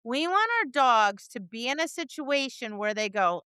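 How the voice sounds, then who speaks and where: A woman co-hosting a dog training podcast, chatting casually and acting out her students and dogs in lively voices. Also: on the high side, normal speed, hardly any pauses, smooth, dry recording. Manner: animated storyteller, acts out voices, laughs and swears. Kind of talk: casual chat.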